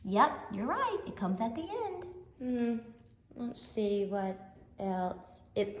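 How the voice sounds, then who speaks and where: A woman's voice: fairly high pitch, sing-song, slow, reverberant. A woman teacher giving a playful phonics lesson to young children, gasping and acting surprised as she goes. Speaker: kindergarten teacher. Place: empty classroom.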